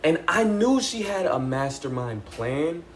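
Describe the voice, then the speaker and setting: A young man recapping a TV episode in a casual, excitable, chatty way, full of "like" and "y'all". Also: fairly high pitch, a little slow, slight background noise. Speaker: TV recap vlogger.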